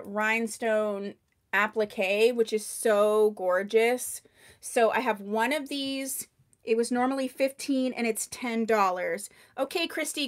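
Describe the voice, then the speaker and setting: A woman hosting a live wig sale into a microphone, chatty and gushing over products, often talking loudly and answering viewers by name. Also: on the high side. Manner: tends to talk loudly. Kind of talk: live-stream sales chat.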